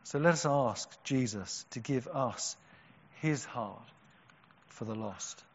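Earnest preacher in a reverberant hall. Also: male voice, medium pitch, a little hiss or hum. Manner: earnest, rising to emphatic cries and dropping to hushed, slow stresses. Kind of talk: sermon. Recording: dull sound with a long hall echo.

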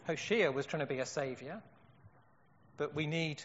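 A man's voice: fairly high pitch, expressive, normal speed, a little hiss or hum. A man preaching a sermon in an earnest way, asking rhetorical questions. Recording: dull echoey hall.

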